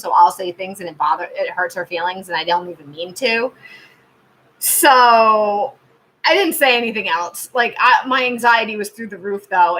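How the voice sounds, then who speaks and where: Bright-voiced chatty woman in her thirties. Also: fairly high pitch, rough recording. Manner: chatty storytelling with many fillers and laughs. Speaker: tarot reader and channel host. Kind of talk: casual live-stream chat.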